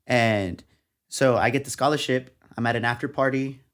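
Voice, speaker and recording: This is a young Texan journalist, originally from San Antonio, talking as a guest in an informal interview. His mid-range voice moves at a moderate pace as he animatedly tells his story and acts out others' words to him.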